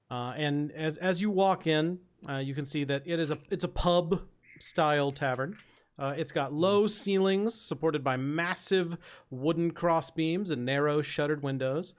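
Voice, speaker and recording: A man running a tabletop game as dungeon master, describing scenes in a loose, chatty way. His voice sits a little high for a man, and he fills pauses with plenty of ums and uhs. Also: smooth. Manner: chatty, filler-heavy, laughing easily.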